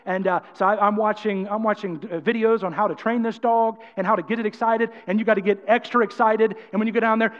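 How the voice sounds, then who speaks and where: A man delivers an energetic sermon with strong emphasis, acting out what people say. His voice sits high, and the sound is a little dull. A long reverb trails his words through the hall. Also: fast, few pauses. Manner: energetic, emphatic preaching with acted-out quotes. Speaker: pastor.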